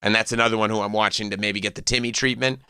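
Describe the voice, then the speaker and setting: A man's voice: on the low side, fairly even intonation, sharp tone, clean tone, no echo, clean studio sound. A man hosting a radio talk show, chatting casually and riffing at length with strong opinions. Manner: opinionated, rambling, quick to riff.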